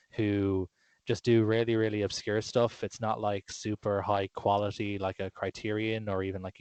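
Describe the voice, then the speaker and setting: Man, casual film podcast chat, lowish voice, dry close sound, lots of ums and restarts. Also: a little mellow, no room sound. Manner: rambling, enthusiastic, many fillers and restarts. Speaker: podcast co-host.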